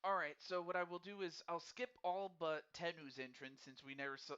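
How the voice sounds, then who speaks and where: A man hosts a live wrestling game stream, chatting with viewers and tripping over his words as he thinks aloud. His voice sits a little high and comes through smooth and clear. The recording sounds dull and lo-fi. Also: steady tone, a little fast, pushed and bright. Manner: friendly and addresses viewers directly. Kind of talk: casual live-stream commentary.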